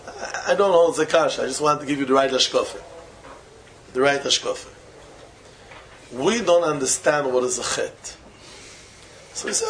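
A man, a rabbi, giving a Torah lecture in English full of Yiddish and Hebrew terms, with non-native phrasing, slowing to chant key phrases and breaking into sudden high exclamations. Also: lively intonation, fairly bright tone, a little hiss or hum, poor audio. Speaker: rabbi teaching students. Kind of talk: Torah lecture to young men.

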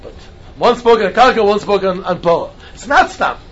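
A man giving an animated Talmud class lecture, mixing Hebrew and Yiddish terms into his English. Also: sits high, normal speed. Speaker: Talmud teacher. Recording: dull lo-fi recording with faint noise.

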